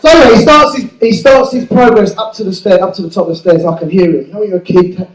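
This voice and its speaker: High-voiced crude stand-up comedian. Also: male voice, quick pace, reverberant, distant mic, rough recording. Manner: crude, self-mocking storytelling. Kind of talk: stand-up routine.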